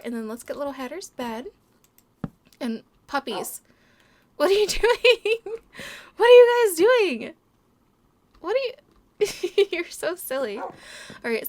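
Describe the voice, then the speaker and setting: A woman's voice: sits high, a little hiss or hum. A woman giving casual gameplay commentary as a let's play host, bubbly and giggly, cooing over the animals as she goes.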